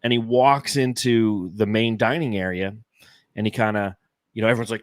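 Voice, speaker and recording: This sports podcast co-host, a man in his forties from Phoenix, Arizona, talks at a moderate pace in a fairly low voice. His stories wander, swear freely, and are full of fillers, all captured in clean studio sound without echo.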